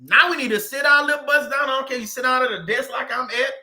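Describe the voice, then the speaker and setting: High, bright-voiced man preaching to his chat. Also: fast talker, roomy sound. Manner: emphatic, repeats phrases, reads out viewer comments. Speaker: faith channel host. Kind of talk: casual preaching to a live chat. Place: indoor room at a desk.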